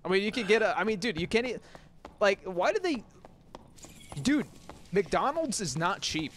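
A man's voice: sits high, animated, moderate pace, a little hiss or hum. Ranting male game streamer. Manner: swears and rants, talks to chat. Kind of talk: casual gaming commentary. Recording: game music loud behind.

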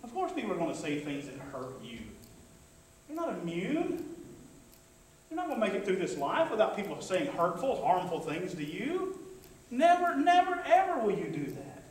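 Male pastor, high voice, chatty sermon delivery, recorded from a distance in a reverberant church. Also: huge pitch swings, normal speed, slight background noise. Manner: conversational preaching with call-and-response asides. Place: church sanctuary. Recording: echoey church hall, mic from afar.

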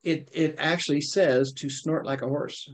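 A man leading a casual Bible study, reading verses aloud and explaining them with lively, animated asides. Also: a little high, normal speed. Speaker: Bible teacher. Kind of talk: conversational Bible study teaching.

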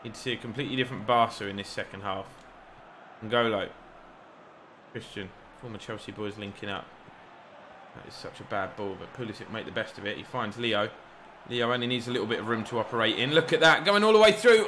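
A young man giving excitable, rambling live commentary over a football video game, shouting encouragement at the players and joking at himself. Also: fairly low pitch, fairly quick, a little hiss or hum. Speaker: gaming YouTuber.

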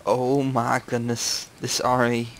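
A young man chatting casually as a co-player in a game session, easygoing and playful with deadpan jokes. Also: medium pitch, slow. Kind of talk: casual gaming chat.

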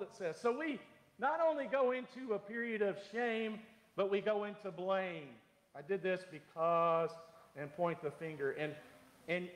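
A middle-aged man preaching a sermon as pastor, animated and humorous, acting out the voices he quotes. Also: high voice. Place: church sanctuary. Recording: echoey hall.

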